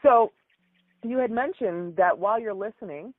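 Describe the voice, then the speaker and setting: A woman's voice: medium pitch, moderate pace, dry recording. Affirming woman host on a phone line. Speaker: interview host. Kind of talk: interview. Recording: dry phone-line sound.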